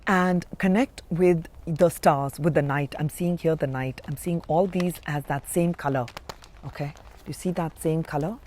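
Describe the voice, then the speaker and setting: A woman giving a spiritual card reading to camera, speaking slowly and warmly with affirming, emphatic rises. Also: sits low. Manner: slow, dreamy, affirming delivery with emphatic rises. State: emotional, near tears. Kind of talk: intuitive tarot reading to camera.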